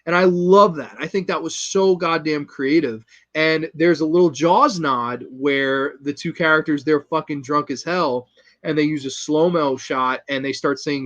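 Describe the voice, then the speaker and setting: Excitable man reviewing a horror film. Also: fairly high pitch, unhurried, muffled recording. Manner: enthusiastic, profane, retells scenes with quoted lines. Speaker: host. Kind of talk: casual film review monologue.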